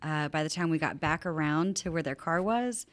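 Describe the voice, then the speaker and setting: Woman, lowish voice, relaxed, matter-of-fact, casual chat. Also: moderate pace. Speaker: podcast producer.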